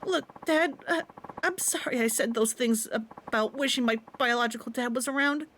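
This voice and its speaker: A hesitant young girl from a video game, voiced by a woman, pitched well above her usual voice. She speaks in small, stammering apologies, with a faint hiss in the background. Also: moderate pace, fairly bright tone, natural voice. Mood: apologetic.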